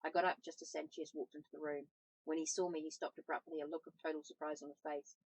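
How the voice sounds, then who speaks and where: A woman's voice: sits low, little pitch movement, fast talker, low-quality recording. A woman reading a first-person novel aloud, with small slips and self-corrections. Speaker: audiobook reader, tarot channel host.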